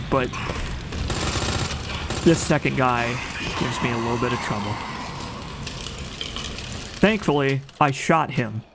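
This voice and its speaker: A man giving casual, chatty commentary over his own gameplay, excited at times and often stopping to correct himself with a joke. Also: mid-range voice, noisy background. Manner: chatty, enthusiastic, jokes and corrects himself mid-sentence. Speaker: let's play commentator.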